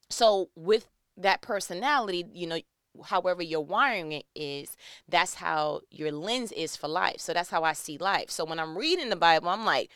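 A woman's voice: fairly low pitch, animated, normal speed, fairly bright tone, clear, resonant tone, dry recording, studio quality. A woman in her thirties giving a casual devotional talk, acting out little scenes in other voices.

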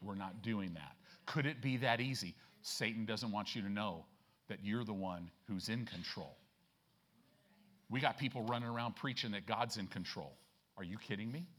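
A male pastor delivering a church sermon in a folksy, conversational way. He keeps checking in with his listeners and leans hard on key lines, slowing down and rising in pitch as he drives them home. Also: a bit bright. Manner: folksy, emphatic preaching with frequent "right?" checks; slows and rises in pitch and volume to stress scripture.

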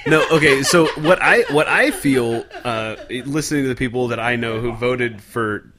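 A man's voice: mid-range voice, expressive, normal speed, pushed and bright. A man from North Texas co-hosting a casual beer podcast, rambling and swearing as he laughs along. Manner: rambling, profane, laughing often. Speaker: podcast co-host.

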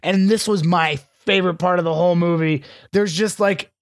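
A man's voice: high voice, steady tone, moderate pace, no echo, studio quality. A man co-hosting a podcast, chatting casually and profanely as he sarcastically recaps a movie. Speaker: podcast co-host.

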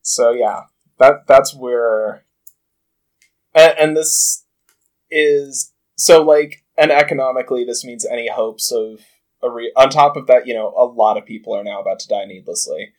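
A man chatting casually on a podcast, halting and profane, full of fillers and restarts. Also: medium pitch.

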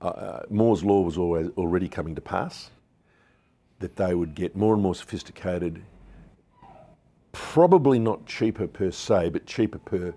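Dark, deep and slightly rough, the voice belongs to an Australian company founder in his sixties who talks a little slowly. In this interview he recounts candid anecdotes, voicing other people's lines as he goes.

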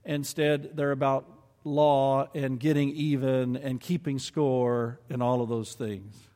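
A man's voice: medium pitch, little pitch movement, takes it slowly, dark tone, big-room sound. A man preaching a sermon and reading scripture aloud, earnest and building to emphatic peaks.

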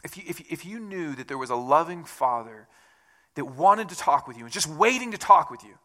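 A man's voice: fairly high pitch, lively intonation, a little fast, pushed and bright. A male pastor preaching a sermon in a conversational way, often repeating words and rising into emphatic bursts.

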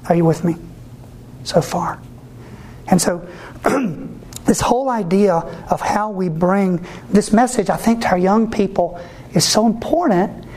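Catholic priest guy giving a lively talk, does little voices for quotes, keeps asking the crowd "right?". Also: high-pitched, a little slow, long pauses. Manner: animated, acts out quoted voices; asks the audience for agreement. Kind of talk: sermon-style talk to ministry workers.

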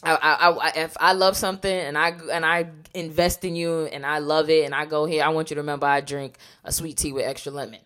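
A young woman with a low-pitched voice co-hosts a casual podcast chat. She tells stories animatedly and acts out other people's lines as she goes. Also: quick pace, hardly any pauses. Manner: animated storytelling, acts out quotes. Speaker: podcast co-host.

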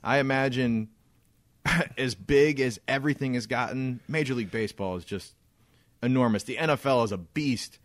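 A man's voice: mid-range voice, normal speed, no room sound. A man co-hosting a casual podcast, talking in a rambling, emphatic way with frequent swearing. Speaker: podcast co-host.

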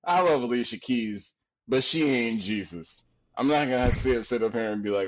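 A man from Queens with a deep, resonant voice, a podcast guest telling stories in an animated, slangy way and laughing often. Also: normal speed, highs cut off, slight background noise. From Queens, New York. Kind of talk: casual storytelling chat.

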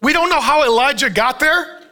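High, bright-voiced preaching man. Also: moderate pace. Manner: joking, animated storytelling with frequent laughs. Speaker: pastor. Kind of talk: sermon.

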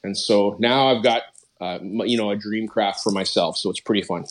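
A man's voice: on the low side, steady tone, normal speed. A middle-aged man, a podcast guest talking casually and rambling with many fillers. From Canada. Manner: rambling, lots of "you know" and "like" fillers. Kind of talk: casual conversational interview.

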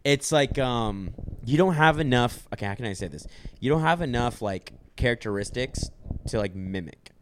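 A man's voice: medium pitch, animated, moderate pace, slight background noise. A man hosting a podcast, chatting casually in a rambling, jokey way with lots of fillers. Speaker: podcast host.

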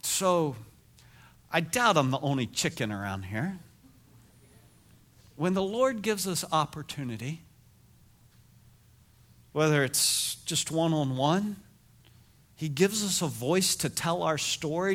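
A middle-aged man preaching a sermon as pastor, telling stories in an animated, self-deprecating way. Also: a little high, slow pace, pauses often.

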